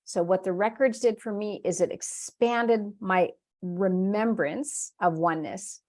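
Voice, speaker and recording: This woman's medium-pitched voice moves a little slowly as she runs a live spiritual workshop online. Her chatty, warm stories come with plenty of laughter and quoted asides in which she acts out her own inner voice.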